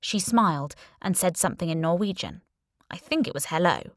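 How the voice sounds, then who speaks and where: Low-voiced woman narrating wry audiobook. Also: fairly quick, no echo, studio quality. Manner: expressive, wry, playful. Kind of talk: first-person audiobook narration.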